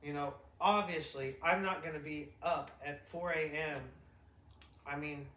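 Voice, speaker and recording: A middle-aged father on a podcast, swearing freely as he tells a story in an animated way. His voice sits high and sounds bright and sharp. An echoey room surrounds him. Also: unhurried. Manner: profane, animated storytelling with shouted impressions. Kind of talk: casual chat.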